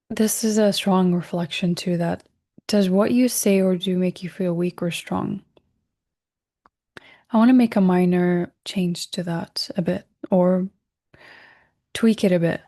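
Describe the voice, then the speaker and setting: A woman hosting a recorded self-help workshop. She speaks gently and reflectively, corrects herself mid-sentence, and drops into soft whispers on key words. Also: mid-range voice. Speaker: workshop host.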